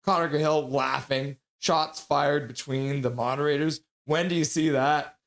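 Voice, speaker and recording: A young man hosting a live stream, casually chatting and reading viewer comments aloud with quick asides. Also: fairly high pitch, fairly even intonation, creaky, fairly bright tone. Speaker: livestream host reading chat. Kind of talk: casual live reaction chat.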